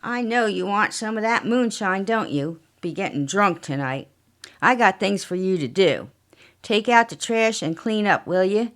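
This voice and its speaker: A woman's voice: medium pitch, animated, measured pace. A woman voicing a bossy, nagging older wife who talks in a whiny, demanding, raised voice.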